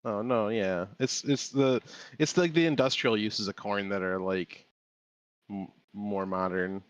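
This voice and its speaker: Low-voiced man telling a rambling story. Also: a little slow, no room sound, low-quality recording. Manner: rambling anecdotes with restarts. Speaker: watch-along participant. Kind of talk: casual chat. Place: home, over voice chat. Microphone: computer mic on a voice call.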